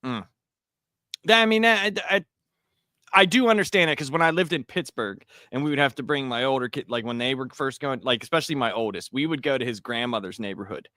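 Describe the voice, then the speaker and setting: Brief: male podcast co-host, 30s, animated storyteller with a bright, lively voice, dry close mic. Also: mid-range voice, a little fast, no room sound. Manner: animated storyteller, swears, laughs, acts out quotes. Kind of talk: casual chat.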